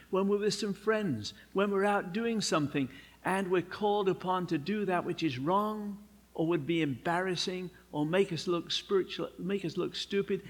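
Slow, higher-voiced man preaching in a hall. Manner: slow, emphatic preaching with humorous personal asides. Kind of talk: sermon. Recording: long hall reverb.

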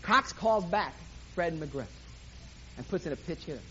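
A man preaching to a live audience, telling a sports story in animated play-by-play style. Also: fairly high pitch, normal speed. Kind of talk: sermon with sports illustration. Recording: dull lo-fi recording, faint hiss.

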